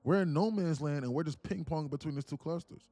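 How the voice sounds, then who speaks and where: A man live-streaming futures trades, talking fast and loose with lots of fillers as he explains charts. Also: on the high side, no room sound. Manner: rambling, heavy use of "like", animated. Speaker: day trading streamer. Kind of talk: live trading stream talk.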